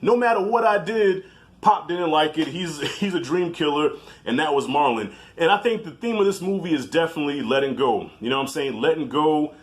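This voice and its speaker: Animated, slangy man reviewing a film. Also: fairly high pitch, fairly quick, hardly any pauses. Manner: animated, slangy, laughs easily. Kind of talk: casual movie review.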